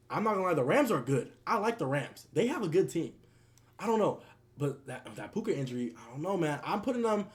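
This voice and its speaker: A young man streaming casually, talking sports in heavy slang and laughing often. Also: high voice. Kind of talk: casual livestream commentary.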